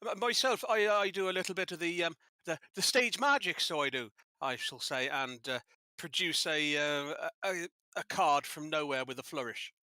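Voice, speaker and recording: A man's voice: a little high, expressive, moderate pace, bright, forceful tone, dry recording, studio quality. A man voicing a chatty Irish stage magician from Dublin, rambling in a folksy, lilting way. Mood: cheerful.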